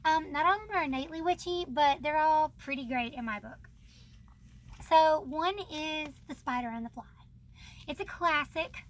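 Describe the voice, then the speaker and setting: A young woman chats casually and bubbly on her book channel, laughing often as she talks about books. Her voice is high, at normal speed, with slight background noise.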